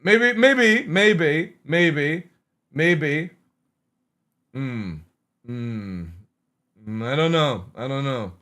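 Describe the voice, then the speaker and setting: A man's voice: fairly high pitch, expressive, drawn-out words, long pauses, bright, forceful tone. A young Scottish man chatting with his viewers while streaming a game, blunt and sweary, humming and musing aloud as he thinks. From Scotland. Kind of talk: casual live-stream chat.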